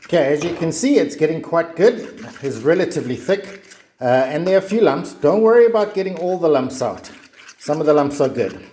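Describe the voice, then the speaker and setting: A chatty man walks through a recipe with a joking, easygoing manner. His voice sits a little high. The recording has a roomy echo. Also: animated, brisk, a little mellow. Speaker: cooking vlogger. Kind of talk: casual cooking demonstration.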